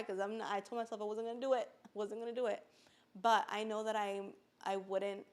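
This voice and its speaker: A woman's voice: mid-range voice, flat delivery, brisk. Earnest woman sharing a personal testimony. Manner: earnest, filler-heavy, fighting back tears at times. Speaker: podcast speaker sharing her story.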